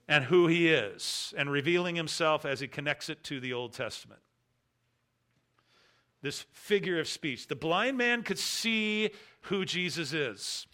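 Male preacher, sermon, bright tone, somewhat high pitch, emphatic bursts, quiet trailing phrase ends. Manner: emphatic, stresses key words with bursts of volume. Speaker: pastor.

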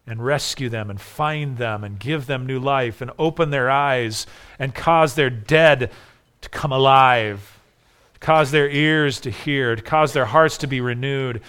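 A man preaching a sermon, emphatic, dropping soft and then rising loud. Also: medium pitch, smooth.

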